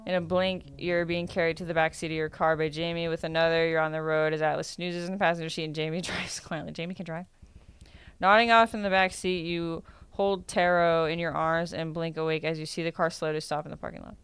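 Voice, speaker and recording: A woman's voice: low voice, little pitch movement, brisk, fairly bright tone, clear, resonant tone. A woman streamer who reads a dating sim's text aloud in a casual tone, often stumbling and correcting herself as she reacts. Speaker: streamer playing a dating sim.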